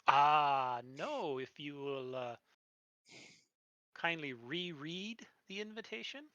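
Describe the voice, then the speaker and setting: A game master voicing a gentle, formal patrol leader. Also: mid-range voice, expressive, slow pace, dry recording, highs cut off. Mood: courteous. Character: courteous male humanoid patrol leader.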